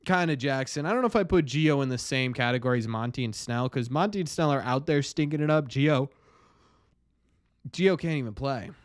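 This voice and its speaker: A young man hosts a live baseball watch stream, reading chat and venting. His voice sits at an ordinary pitch, and he talks in restless, self-interrupting bursts. The sound is close and dry, with no room around it. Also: animated, fairly quick, no echo. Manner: rambling, frequent restarts, exasperated. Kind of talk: casual live-stream game commentary.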